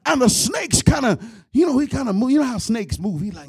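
A man spinning a comic story, his voice high and swinging wildly up and down. There is a gravelly, husky grain under his loud outbursts, and he sounds close and dry. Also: quick pace, no room sound. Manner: animated, with loud outbursts and laughs. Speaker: comedian. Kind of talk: comedic storytelling.

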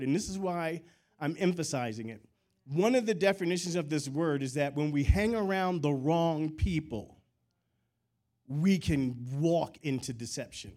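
Animated, higher-pitched male preacher. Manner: animated preaching with call-and-response; conversational storytelling asides. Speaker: pastor. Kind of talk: sermon.

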